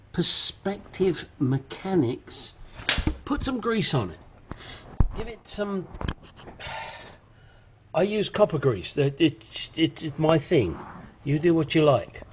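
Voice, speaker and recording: On his home mechanic channel, a man with a fairly high, sing-song voice chats slowly through a brake and control arm job, leaving long pauses over slight background noise. He swears now and then, drifts into asides, and sometimes slips into a silly accent.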